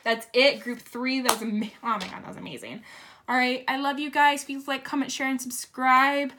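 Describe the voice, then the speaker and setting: A woman giving a casual tarot reading, excitable and swearing, breaking into shrieks and laughter. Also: high voice, normal speed, very noisy. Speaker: tarot reader.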